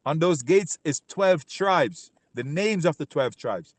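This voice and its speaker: A man giving an informal Bible teaching. He talks emphatically, keeps asking "right?", repeats himself, and reads scripture slowly and loudly. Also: a little high, lively intonation, dry recording. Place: Canada.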